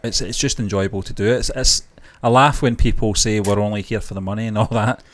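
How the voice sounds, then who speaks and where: Man, low voice, co-host of movie chat, hesitant and self-deprecating, dry close mic. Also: steady tone, brisk, no echo. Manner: hesitant, many ums and restarts, self-deprecating. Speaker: co-host of a movie news show. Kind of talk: casual live-stream chat.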